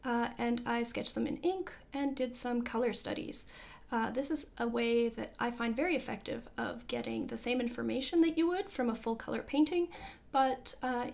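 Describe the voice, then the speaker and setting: A woman recording a casual voiceover for her vlog, talking quickly and rambling, with self-deprecating asides and many fillers. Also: a little high, creaky. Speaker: artist giving a sketchbook tour. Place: home art studio. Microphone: voiceover microphone.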